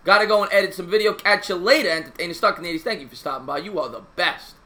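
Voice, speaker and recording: A man calls a baseball game live and trades chatter with his viewers between pitches. His voice is high and very bright, and he talks in a slangy, excitable, casual way. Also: rapid-fire. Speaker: live stream play-by-play host. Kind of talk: casual live play-by-play with chat replies.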